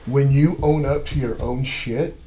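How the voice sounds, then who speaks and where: A man's voice: mid-range voice, steady tone, unhurried, dark tone. A man co-hosting a podcast conversation about addiction, speaking in an earnest and encouraging way.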